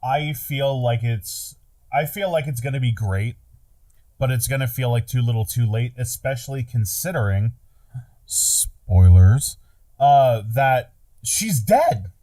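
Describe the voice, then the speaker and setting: A man's voice: medium pitch, unhurried, mellow. A man in casual podcast chat who laughs easily, swears freely and acts out jokes.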